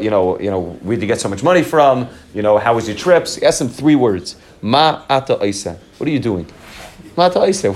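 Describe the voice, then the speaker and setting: A man teaching a story as a Torah teacher, talking quickly with animated energy. His voice sits in an average pitch, and he often repeats words and phrases while dropping in Hebrew and Yiddish terms.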